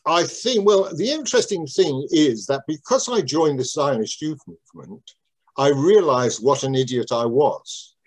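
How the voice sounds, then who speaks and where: A man's voice: fairly high pitch, animated, moderate pace, slightly rough. An older man reminiscing in an interview about how he started in business, talking in a rambling, digressive way with many restarts.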